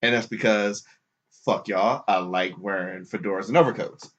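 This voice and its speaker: A man hosting a podcast, telling a story casually and putting on high mocking voices for the people he quotes, laughing often. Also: normal speed, a bit bright. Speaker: podcast host. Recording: dull lo-fi podcast recording.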